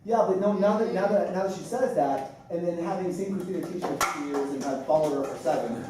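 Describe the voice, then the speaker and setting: A man's voice: high voice, quick pace, noisy background. A man leading a workshop group, teasing and laughing as he talks. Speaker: workshop leader. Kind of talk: playful group workshop talk. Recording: echoey room from far off with a crowd.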